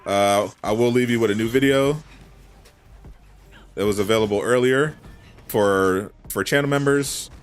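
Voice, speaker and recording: A man's voice: mid-range voice, measured pace, pauses often, clear, resonant tone. A man streaming, chatting in a laid-back way with frequent restarts, close to a desk microphone. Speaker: gaming streamer. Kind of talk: casual chat. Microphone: desk condenser mic.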